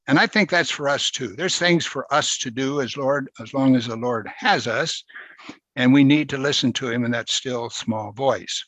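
Bright-voiced man preaching casually. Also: mid-range voice, moderate pace, slightly rough, no room sound, low-quality recording. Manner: conversational, asks rhetorical questions. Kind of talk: sermon.

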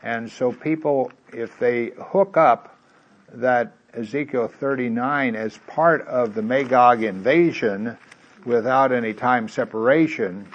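A man preaching a sermon in a folksy, conversational way. He drops to quiet asides and then reads scripture loudly and emphatically. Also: mid-range voice, dull audio. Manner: swings from quiet asides to loud emphatic reading.

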